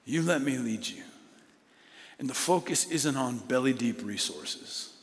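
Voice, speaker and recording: A man preaching a sermon, animated with playful asides, then dropping to hushed emphasis. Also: medium pitch, measured pace. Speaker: pastor. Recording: long hall reverb.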